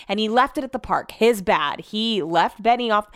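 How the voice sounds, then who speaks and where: A woman's voice: mid-range voice, lively intonation, normal speed, fairly bright tone, no room sound, clean studio sound. A young adult woman, a radio show host, telling rambling everyday stories in a casual chat, cursing freely as she goes. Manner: rambling, profane storytelling.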